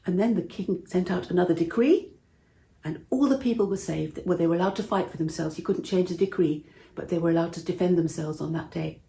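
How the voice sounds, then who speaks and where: A woman telling a Bible story to children in a gentle way, asking her listeners questions. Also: on the low side, a little fast, creaky. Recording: roomy echo.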